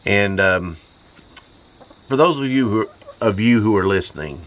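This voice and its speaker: A heartbroken man speaks in a very deep, hoarse voice, choked up and halting. He pauses and repeats himself. Faint crickets hum behind him outdoors on a mountain farm. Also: expressive, fairly bright tone. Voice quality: hoarse, voice lower than usual. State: choked up from grief. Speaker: homestead channel host. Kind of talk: grieving personal vlog.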